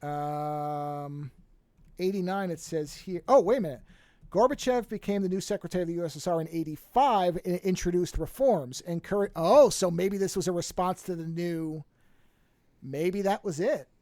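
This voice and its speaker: A man hosting a podcast in casual chat, retelling a movie plot with lively acted-out lines and frequent swearing. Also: high-pitched, moderate pace, no room sound, clean studio sound. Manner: animated storyteller, acts out movie characters, swears freely. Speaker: podcast host.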